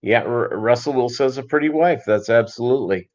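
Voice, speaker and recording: A man hosting a casual livestream, rambling with many fillers and pauses and reading chat comments aloud. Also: medium pitch, darkish tone. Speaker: livestream host. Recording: dull lo-fi stream audio.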